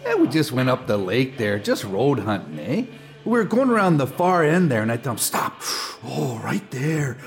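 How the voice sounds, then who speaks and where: An actor with a Canadian accent playing a joking, rambling unemployed drinking buddy in a stage play. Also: male voice, mid-range voice, big pitch swings, normal speed, vocal fry, soft background music. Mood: storytelling. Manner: teasing, rambling storyteller.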